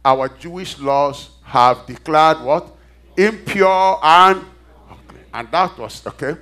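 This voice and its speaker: High-voiced preacher, animated call-and-response. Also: male voice, takes it slowly. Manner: call-and-response questions to the congregation; emphatic, animated. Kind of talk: sermon.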